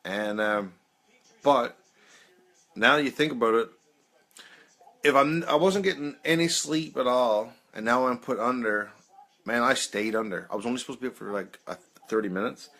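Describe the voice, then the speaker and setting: A man's voice: medium pitch, fairly bright tone. A man in his thirties hosting a peer support live chat, telling rambling personal stories with frequent laughs and lots of "man". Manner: rambling, laughs often, says "man" a lot. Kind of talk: casual storytelling on a live video.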